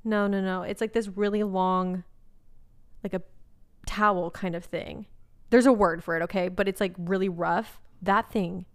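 Chatty young woman, smooth voice. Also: mid-range voice, steady tone, normal speed. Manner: chatty, with frequent "like" fillers and restarts. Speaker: podcast co-host. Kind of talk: casual chat.

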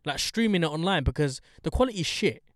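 A man's voice: a little high, quick pace, no echo, clean studio sound. A young man with a London accent, chatting casually with slang and swearing. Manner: slangy, animated, swears freely. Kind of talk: casual chat.

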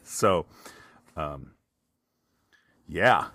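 Kentucky guy, really low voice, rambling self-mocking comedy story, dry close mic. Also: animated, extremely slow, dry recording. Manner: rambling, self-mocking, jumps loud for quoted lines. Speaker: podcast host. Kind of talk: storytelling monologue.

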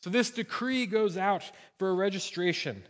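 Pastor preaching in an echoing church. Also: male voice, high voice, normal speed. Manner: earnest storytelling preacher. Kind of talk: sermon. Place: church sanctuary.

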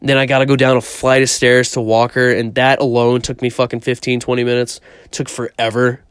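A man's voice: mid-range voice, flat delivery, a little fast, clear, resonant tone, dry recording, clean studio sound. A young man casually telling a story about himself, rambling, swearing often and poking fun at himself. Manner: profane, rambling, self-mocking.

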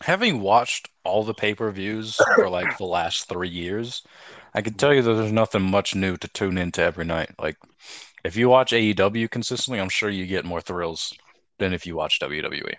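Young man, low voice, very lively pitch, wry teasing banter, dry sound. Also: normal speed, no echo. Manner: wry, teasing, offhand opinions. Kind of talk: casual chat.

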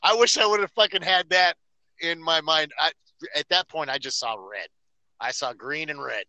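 A man rants his way through a story on a casual podcast, swearing freely. His voice is very bright and a little high, and the recording is dry and close. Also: normal speed, no echo, rough recording. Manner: profane, ranting storyteller. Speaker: podcast host.

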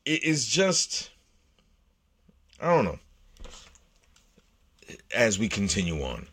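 A man's voice: fairly low pitch, very animated, slow pace, a bit bright, breathy edge. A man hosting his own show, talking solo in a rambling, profane way, with many restarts and fillers. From United States. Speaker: podcast host. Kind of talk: casual solo monologue.

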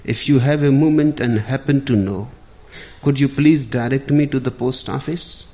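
A man voicing a gentle, courteous man who asks things politely and delicately. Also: medium pitch, normal speed, highs cut off, natural voice.

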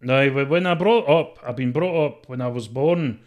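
A Scottish man with a deep, strong voice, talking shyly and hesitantly as an interview guest, with many fillers. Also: moderate pace, phone-quality sound. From Scotland. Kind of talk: casual interview.

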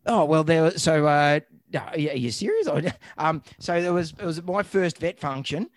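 A man's voice: fairly high pitch, moderate pace. Rambling Australian man on a podcast. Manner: rambling, joking, many restarts. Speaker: podcast host. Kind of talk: casual podcast chat. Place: home, remote call.

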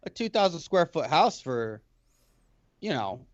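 Swearing, animated podcast guy. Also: a little high, unhurried, dry recording, highs cut off. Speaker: podcast co-host. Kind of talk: casual chat. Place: lives in Alabama.

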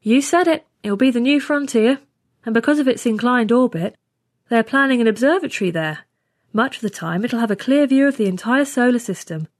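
A woman's voice: fairly high pitch, animated, a little fast, dry recording, studio quality, voice pushed up, close to an everyday voice. Woman doing brash swaggering space pilot Hicks. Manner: loud, swaggering, crude.

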